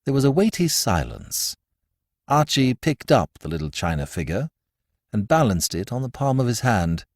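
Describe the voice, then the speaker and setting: A male audiobook narrator who reads a classic tale with plenty of lively rises and falls in his voice. He sits at a middle pitch, and the recording is dry and close. He does the telling with a storyteller's expressive touch. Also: moderate pace, dry recording. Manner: expressive, varied storytelling delivery.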